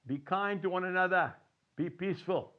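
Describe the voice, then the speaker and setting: A man's voice: high voice, normal speed, highs cut off. A man giving an earnest devotional talk, telling folksy stories with chuckles. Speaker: preacher.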